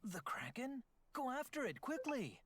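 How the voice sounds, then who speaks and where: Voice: high-pitched, sing-song, a little slow, fairly bright tone, slight background noise, heavily acted. An actor voicing an eager young football club teammate in dubbed game dialogue, earnest and urgent. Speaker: game character.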